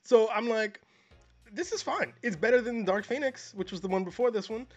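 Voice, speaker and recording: Dry deadpan man, dull lo-fi audio. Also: sits high, a little fast. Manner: dry, deadpan, long-winded. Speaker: podcast co-host, film reviewer. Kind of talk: casual chat.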